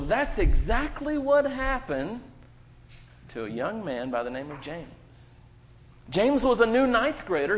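Animated man telling a children's story. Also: high-pitched. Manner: lively, animated storytelling with character voices. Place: church sanctuary. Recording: muffled church recording with hall reverb.

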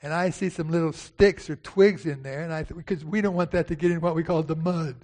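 A man's voice: a little high, steady tone, fairly quick, a little mellow. An older man, preaching a sermon and telling a folksy personal story, calling out to people in the congregation by name. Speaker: pastor.

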